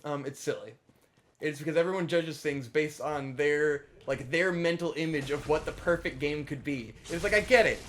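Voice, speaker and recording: A young man co-hosting a let's play, giving casual gameplay commentary in a profane, ranting way that swings from mumbling to shouting. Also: a little high, normal speed, a little hiss or hum.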